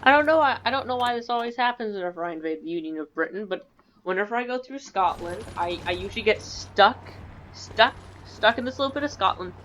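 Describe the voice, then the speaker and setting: A woman's voice: mid-range voice, animated, brisk, a bit bright, a little hiss or hum. Rambling woman narrating a strategy game. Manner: rambling, giggly, self-mocking. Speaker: gaming video creator. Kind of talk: casual gameplay commentary. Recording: dull lo-fi mic.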